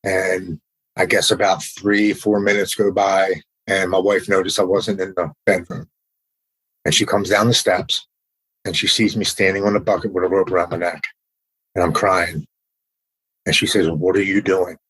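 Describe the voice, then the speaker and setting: A man's voice: deep voice, flat delivery, normal speed, a bit bright, breathy edge, poor audio. A middle-aged man, a podcast guest, telling his personal recovery story candidly and with emotion, often dropping in "man.".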